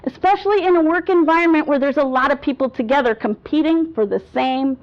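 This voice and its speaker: High-pitched woman coach talking to a room, lively, acts stuff out, kinda dull lo-fi sound. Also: a little fast. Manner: lively, demonstrates voice examples, laughs often. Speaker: speaking coach. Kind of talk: workshop talk to an audience. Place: room with a live audience.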